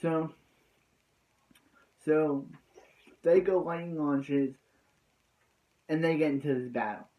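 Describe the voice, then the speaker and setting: A man's voice: fairly high pitch, takes it slowly, long pauses, mellow, low-quality recording. A man giving a casual, rambling recap of an anime episode, leaning on filler words like "so yeah.".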